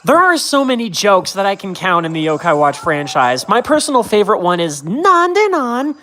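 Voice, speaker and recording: A woman's voice: on the low side, sing-song, a little fast, fairly bright tone. A young woman streamer chatting casually about a show, rambling and correcting herself, with frequent giggles. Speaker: game streamer. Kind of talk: casual game commentary.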